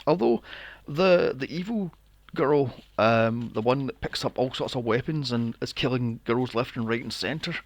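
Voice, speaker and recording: A man's voice: medium pitch, vocal fry, fairly bright tone, no echo. A man co-hosting a casual movie podcast, incredulous and swearing freely as he fires off rhetorical questions. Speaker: podcast co-host. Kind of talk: casual film discussion.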